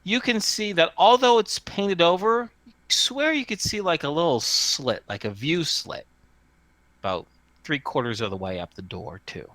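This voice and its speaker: Lively man running a tabletop game. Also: on the high side, moderate pace, no room sound. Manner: descriptive with many fillers and restarts. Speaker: game master.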